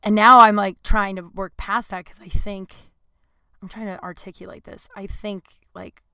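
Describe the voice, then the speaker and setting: A woman's voice: medium pitch, little pitch movement, normal speed, sharp tone, smooth, dry recording. A woman in her late thirties rambles through a casual confessional monologue, nervous and flustered, dropping swear words as she goes. Her voice sits in a middle range and sounds close and dry, with no room around it.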